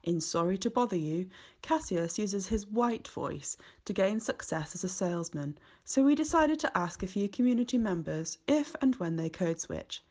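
A woman giving a clear, measured scripted introduction as the show's narrator. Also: mid-range voice, lively intonation, a little mellow. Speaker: show narrator.

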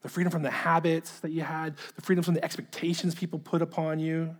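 A man delivers a sermon with earnest conviction, his voice sitting a little high for a man. He doubles back on words when he stresses a point and lets his thoughts fade into a hushed, quiet finish. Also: little pitch movement, fast. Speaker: pastor. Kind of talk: sermon reading a letter aloud.

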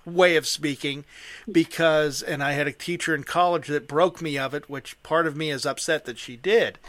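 A man's voice: fairly high pitch, fairly bright tone, no room sound. An older man from Western Pennsylvania with a local accent, hosting a casual chat and explaining things at length with enthusiasm. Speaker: host. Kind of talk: casual conversation.

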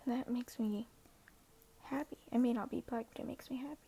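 A woman's voice: on the high side, fairly even intonation, brisk, dark tone, breathy edge. A teenage girl talking earnestly and hesitantly in a casual vlog, often dropping to a half-whisper. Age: teens. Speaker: social media poster.

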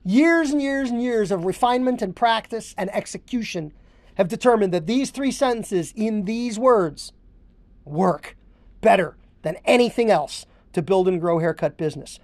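A woman's voice: mid-range voice, animated, moderate pace, darkish tone, dry recording. A woman hosting a podcast, coaching haircutters and drilling phrases word for word with emphatic repetition. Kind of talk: instructional podcast monologue.

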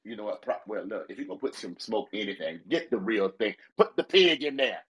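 A pastor on a podcast, insistent and preachy, with a husky voice. His pitch swings widely, and he repeats lines for emphasis. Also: sing-song, fairly quick, a bit bright, poor audio. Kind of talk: casual chat.

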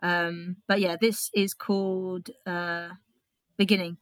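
With a lowish, level voice and a slow pace, a young British comedian and poet tells a casual story peppered with swearing and laughter before reciting a poem. The recording has no echo.

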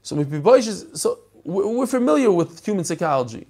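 A man's voice: high-pitched, big pitch swings, a little fast, hardly any pauses, a little mellow, breathy edge. A man teaching a text study lesson, explaining passages and animatedly acting out the story.

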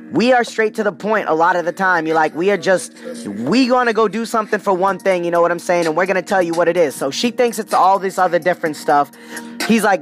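High-voiced, animated male storyteller. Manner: animated, slangy, addresses listeners directly. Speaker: podcast host. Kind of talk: comedic storytelling monologue.

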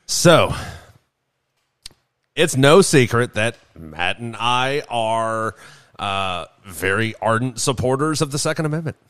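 A man's voice: medium pitch, expressive, slow pace, a bit bright, smooth. A man hosting a podcast in casual chat, steering the talk and joking in mock exasperation. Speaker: podcast host.

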